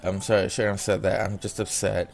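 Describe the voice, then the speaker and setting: A man with a very low, gravelly voice reads a visual novel's lines aloud, one after another, in his own plain voice. Now and then he breaks off to comment casually, and faint music sits behind him. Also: little pitch movement, fairly quick. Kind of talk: reading game dialogue aloud with asides.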